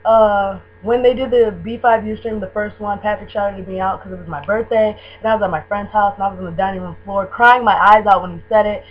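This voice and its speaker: A young woman from Michigan gushing about a band she loves in a casual video, with lots of "um" and "like" and excited rambling. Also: mid-range voice, fairly quick, few pauses. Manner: gushing, excitable, filler-heavy fan talk. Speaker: vlogger. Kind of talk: casual fan tag video. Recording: dull lo-fi webcam audio with faint hum.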